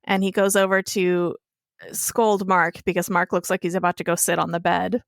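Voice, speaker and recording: A woman's voice: on the low side, flat delivery, moderate pace, creaky, no room sound. Chatty woman recapping a show, dry sound. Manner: chatty storytelling with casual swearing. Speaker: podcast co-host. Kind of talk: casual TV recap chat.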